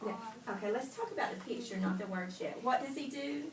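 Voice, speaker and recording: Patient woman teacher coaxing young readers with questions, raised pitch, far camera in a noisy room. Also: fast. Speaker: reading teacher. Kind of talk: guided reading with young children. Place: classroom. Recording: echoey classroom from far off, loud noise.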